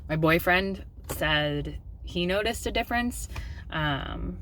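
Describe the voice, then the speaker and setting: A woman's voice: on the low side, expressive, slow, fairly bright tone, slight background noise. A woman in her thirties talking candidly in a personal vlog, open and confessional with filler ums. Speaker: mom vlogger.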